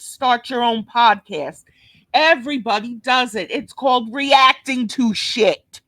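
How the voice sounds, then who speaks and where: A woman's voice: a little high, a bit bright, dry recording. A woman with a New York accent hosting a reaction video, delivering a blunt, cursing, scolding rant. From Brooklyn, New York. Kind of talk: profane reaction commentary.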